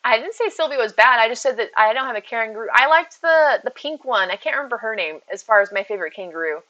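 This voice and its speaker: A woman's voice: fairly high pitch, animated, fast, sharp tone, highs cut off. A woman streaming live from home, chatting casually and answering viewers' messages as she goes. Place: at home with her cats.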